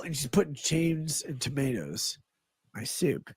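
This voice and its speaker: A man's voice: on the high side, moderate pace, a little mellow, slightly rough, no room sound. A man rambling loosely through a livestream as he reads chat messages aloud, swearing and drifting off topic in a drunken manner.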